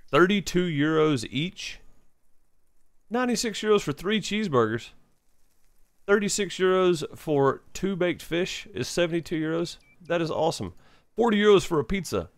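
A man's voice: fairly high pitch, very animated, normal speed, dry recording. A man hosting a gaming channel, giving casual let's-play commentary and thinking aloud with many fillers.

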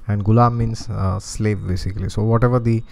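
Indian guy telling a spiritual story, low mellow voice, keeps chuckling and asking "can you imagine". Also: fairly quick, vocal fry. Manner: animated storyteller who chuckles often and asks rhetorical questions. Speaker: spiritual teacher and astrologer. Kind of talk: devotional storytelling talk.

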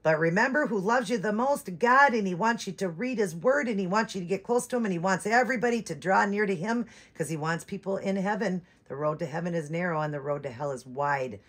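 A woman's voice: mid-range voice, brisk, hardly any pauses, slightly rough. A woman hosting her channel, chatting casually and rambling, with many fillers and restarts. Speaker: doll-collecting channel host. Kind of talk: casual chat.

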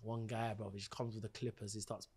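A young British man, telling a story as a podcast guest in slangy, animated chat and laughing often. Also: lowish voice, fast, slight background noise. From Britain. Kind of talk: casual storytelling.

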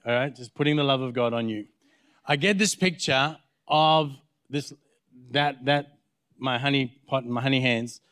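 Australian pastor telling a sermon story. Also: male voice, mid-range voice, fairly bright tone, no echo, studio quality. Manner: storytelling, acting out both sides of conversations. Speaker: guest pastor. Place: church.

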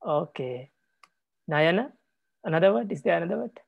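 A man who is a Buddhist monk teaching a language class, patient and repetitive, pausing often with hesitations. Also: a little high, animated, gravelly, no echo, muffled recording. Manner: patient, repeats words, many hesitations.

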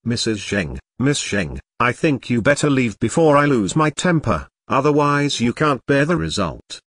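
A man voicing a calm, fearless young woman in a storybook reading, cool and provocative. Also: medium pitch, normal speed, dry recording, studio quality.

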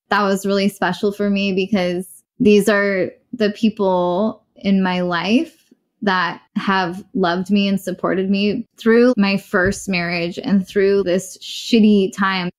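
A young adult woman in a podcast interview, telling a personal story candidly and bluntly, acting out what others said. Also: mid-range voice. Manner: candid, blunt, acts out quoted voices.

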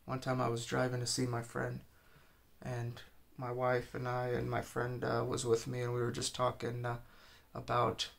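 A man's voice: medium pitch, monotone, normal speed, vocal fry. A man preaching an informal sermon, urging listeners with earnest, repeated exhortations.

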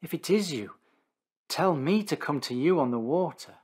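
A man's voice: lively intonation, normal speed, darkish tone, slightly rough. A man doing Peter, a pleading, impulsive disciple. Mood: eager. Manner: pleading, exclaiming in raised pitch.

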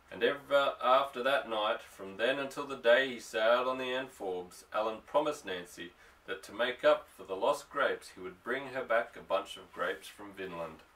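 A man narrating an audiobook, telling the story in a steady way. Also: fairly low pitch. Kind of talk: scripted narration. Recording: distant mic.

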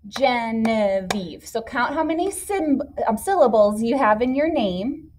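A woman's voice: on the high side, a little mellow. A woman teacher patiently explaining a classroom activity step by step to young children. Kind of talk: classroom instruction video.

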